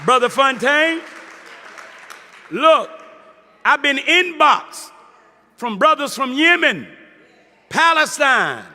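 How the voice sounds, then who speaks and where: Very high, piercing male preacher. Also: sing-song, slow, pauses often, sharp tone. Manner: impassioned preaching with call-and-response asides. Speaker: minister. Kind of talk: sermon. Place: large hall before a congregation. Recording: reverberant hall with faint crowd.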